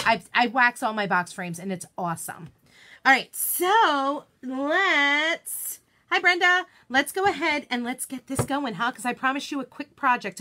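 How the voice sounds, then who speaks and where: A woman hosting a relaxed live craft demonstration in a slightly high, bright, forceful voice. She is chatty and self-deprecating, greets viewers by name as she works, and laughs easily at her own mistakes. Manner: laughs easily and jokes about her slip-ups. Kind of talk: casual live-stream craft tutorial.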